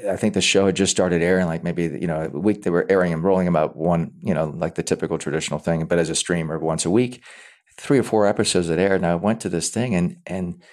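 Deep-voiced man, halting talk. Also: steady tone, a little mellow. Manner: halting, repeats words often; acts out quoted lines. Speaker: actor guest. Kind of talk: casual interview talk.

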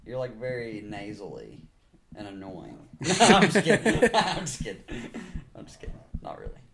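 A man's voice: lowish voice, huge pitch swings, normal speed, creaky, crowd noise. A man hosting a casual podcast chat, joking, teasing and laughing often. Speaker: podcast host.

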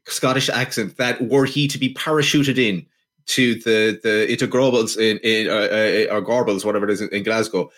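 A man co-hosting a casual film-review podcast. He talks in a dry, halting way and stumbles over his words. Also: fairly low pitch, fairly even intonation, a bit bright. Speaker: podcast co-host.

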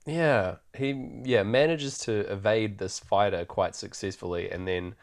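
Man, podcast host, casual rambling recap, laughs a lot, lowish voice. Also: a little slow. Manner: laughs often, rambling, loose and irreverent. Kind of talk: casual film recap chat.

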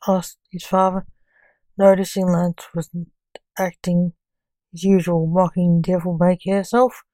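A woman narrating a story she reads aloud in a plain, unhurried way. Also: on the low side, level tone, warm tone, no room sound, rough recording.

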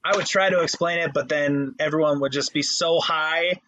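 On a podcast he co-hosts, a man tells stories in a loose, chatty way, cursing often and with lots of animation. The voice is slightly high, the pace moderate, and the sound lo-fi.

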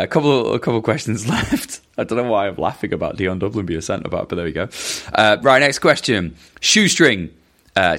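A man with a notably deep, low-pitched voice talks through listener questions. He rambles casually, restarts sentences and breaks off into chuckling asides. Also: a bit bright. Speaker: podcast host answering listener questions. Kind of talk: casual chat.

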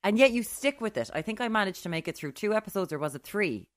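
A woman co-hosting a casual chat, animated and laughing between quick asides. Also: mid-range voice, dry recording, studio quality. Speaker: podcast co-host.

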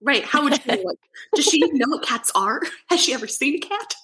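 A young adult woman, a podcast guest in casual chat, animated and giggly, with lots of fillers. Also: high-pitched, fast talker.

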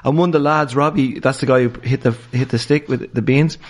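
A man's voice: medium pitch, a little fast. Dublin man telling stories, laughing. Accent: Dublin Irish. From Dublin, Ireland. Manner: animated, laughing through his stories. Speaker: guest, stand-up comedian. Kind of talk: casual storytelling in a podcast interview.

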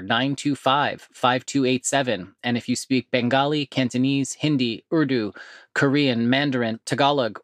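A man hosting a podcast, giving practical advice in a direct, earnest way and slowing down to spell out phone numbers. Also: mid-range voice, fairly bright tone, no echo, studio quality. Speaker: podcast host. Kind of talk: informational podcast talk.

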